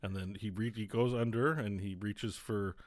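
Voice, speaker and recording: A man narrating as game master in a casual, halting way. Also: on the low side, fairly even intonation, dry recording. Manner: casual, hesitant narration with fillers.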